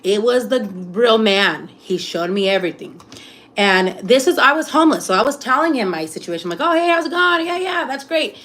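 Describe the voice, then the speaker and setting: Woman rattling off a story quick, cussing a lot, kinda high voice. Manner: swearing, animated retelling with quoted voices. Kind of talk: casual storytelling chat.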